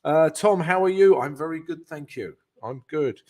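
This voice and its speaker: A man's voice: on the high side, moderate pace, darkish tone. Upbeat British man hosting a trading stream. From Britain. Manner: chatty and upbeat, greets viewers by name; explains chart analysis with frequent fillers. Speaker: trading coach and live stream host. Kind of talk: live stream chat and market analysis.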